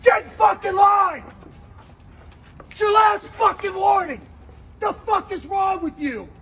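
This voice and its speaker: A man yelling a profane drill-sergeant style tirade, berating someone nonstop. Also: very high-pitched, slow pace, music in the background.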